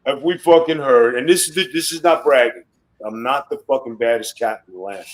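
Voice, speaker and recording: A man's voice: mid-range voice, a little fast, low-quality recording. Swaggering, foul-mouthed man in his fifties. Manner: profane, blunt and swaggering. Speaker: podcast guest, former wrestler. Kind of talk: casual podcast storytelling.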